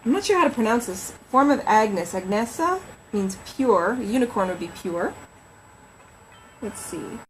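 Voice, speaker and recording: A woman's voice: on the high side, sing-song, moderate pace, pauses often, slight background noise, rough recording. A woman novelist chatting on a casual livestream from home, rambling and reading names aloud as she thinks.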